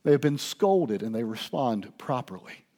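A man preaching with a husky, slightly rough voice. He swings from hushed, near-whispered lines to loud, excited bursts, telling stories with lots of energy. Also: medium pitch, normal speed. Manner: swings from quiet to loud, animated storytelling. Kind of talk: sermon.

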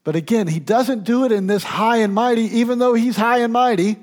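This pastor's voice is extremely high and a little fast. His sermon lurches from forceful, loud passages to quiet, intimate moments, now and then stumbling into restarts and fillers.

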